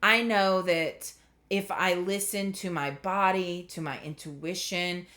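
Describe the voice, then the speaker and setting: A woman's voice: on the low side, steady tone, takes it slowly, fairly bright tone. A woman giving a casual spiritual tarot reading, chatty and earnest, getting emotional as she talks. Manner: chatty, earnest, trailing off into filler words. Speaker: tarot reader.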